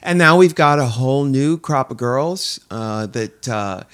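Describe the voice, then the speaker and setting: An older man co-hosting a podcast in casual chat, lively and quick to laugh, often restarting his sentences. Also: mid-range voice, clean tone. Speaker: podcast co-host.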